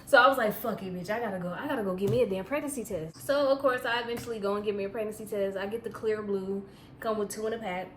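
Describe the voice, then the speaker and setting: A young woman telling a personal story in a casual, profane, animated way, often breaking into laughter. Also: mid-range voice, fast, slight background noise. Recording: echoey room with faint ambience.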